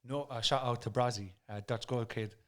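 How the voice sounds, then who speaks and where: A man's voice: mid-range voice, normal speed. An Irish man, a guest rapper, talking earnestly and reflectively in a casual podcast chat. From Ireland.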